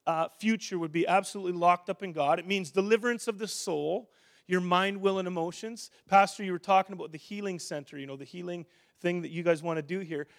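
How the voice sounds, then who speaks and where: High-voiced man preaching a lively sermon. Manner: animated, conversational preaching with restarts.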